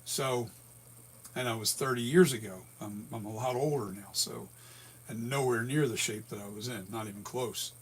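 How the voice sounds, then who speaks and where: Hoarse older man telling a rambling story. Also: medium pitch, moderate pace. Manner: rambling, self-correcting storyteller. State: hoarse from a breathing tube. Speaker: latex mask and prop maker. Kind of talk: casual storytelling vlog.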